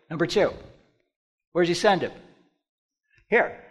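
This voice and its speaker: A male pastor preaching a sermon, dropping to hushed tones and then rising to loud, emphatic bursts. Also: fairly high pitch, expressive, unhurried, pauses often.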